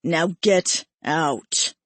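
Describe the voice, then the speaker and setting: A woman voicing a steady, protective male immortal who speaks slowly and firmly. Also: low-pitched, no echo, voice pushed down, heavily acted. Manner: slow, firm and measured.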